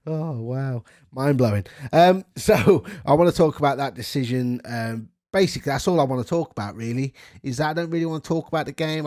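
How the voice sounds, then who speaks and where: A man's voice: mid-range voice, a little mellow. A man, ranting angrily and swearing about a football decision on his channel. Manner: sweary, indignant, rambling. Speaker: football vlogger. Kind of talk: angry football rant.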